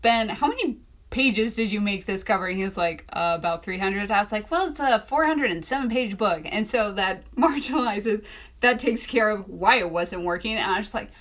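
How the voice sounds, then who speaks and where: A young adult woman casually telling a personal story, acting out what people said with sudden high pitch jumps. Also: normal speed. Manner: animated, acts out quotes with sudden pitch jumps. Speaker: self-published author.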